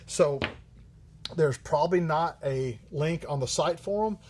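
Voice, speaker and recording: A man's voice: fairly high pitch, a little slow, a little mellow, a little hiss or hum. A man hosting a livestream who answers viewer questions in a rambling, joking way, swearing often and using many fillers. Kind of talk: casual live-stream chat.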